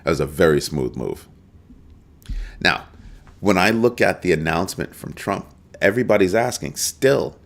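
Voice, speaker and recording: Deep-voiced man hosting live crypto commentary. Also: normal speed, vocal fry. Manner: animated, emphatic, greets chat viewers. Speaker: crypto show host.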